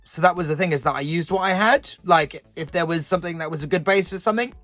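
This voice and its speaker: A man, a guest telling lively, wry stories about his own looks over a video call. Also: fairly high pitch, quick pace, no room sound, faint music behind. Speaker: guest drag performer.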